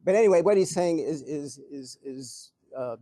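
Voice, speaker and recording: This older man, a guest speaker in an event hall, tells anecdotes in a live Q&A, lively and chuckling, frequently starting over. His pitch sits on the high side and his pace is moderate, captured in a dry, studio-quality recording.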